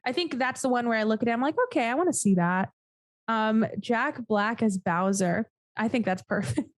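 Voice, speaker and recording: Blunt, higher-voiced woman podcast co-host. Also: normal speed, no room sound, clean studio sound. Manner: blunt, incredulous, swears freely. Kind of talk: casual chat.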